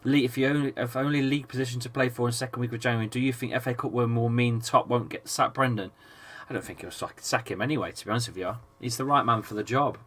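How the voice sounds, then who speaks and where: An English man with a chesty, slightly rough voice gives a live football watchalong between coughs, reading chat and calling the play. His tone is bright and forward. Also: mid-range voice, steady tone, fast, few pauses. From England. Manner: chatty, swears, reads chat aloud between play calls. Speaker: football fan streamer. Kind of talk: casual live watchalong commentary.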